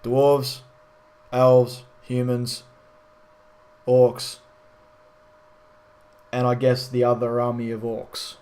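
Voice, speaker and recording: A man's voice: medium pitch, monotone, extremely slow, long pauses, dark tone. A man giving a casual spoken film review in a frustrated, ranting way with frequent swearing.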